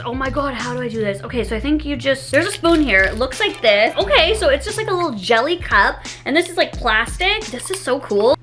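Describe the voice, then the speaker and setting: A young woman doing a casual food taste-test vlog, gasping and rambling excitedly with lots of "like.". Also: high voice, brisk, hardly any pauses, soft background music. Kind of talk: casual food review chat.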